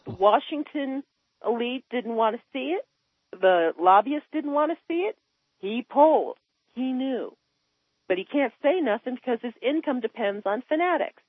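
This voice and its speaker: A woman on a tinny phone line rants passionately about politics. Her voice sits high and husky, and it climbs even higher as she gets worked up. The line is dry and close. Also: normal speed, dry recording. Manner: impassioned, voice climbing high when upset. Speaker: caller. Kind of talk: heated political phone-in rant.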